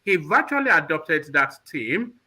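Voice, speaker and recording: A man co-hosting a live talk show, halting and restarting as he talks. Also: on the high side, very animated, pushed and bright. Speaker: co-host.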